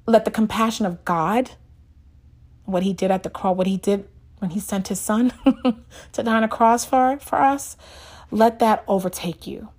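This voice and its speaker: This is a woman talking straight to her viewers in a casual devotional. Her voice sits at an ordinary middle pitch. She sounds earnest and heartfelt, emotional and a little halting as she works through her thoughts. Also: darkish tone. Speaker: devotional speaker.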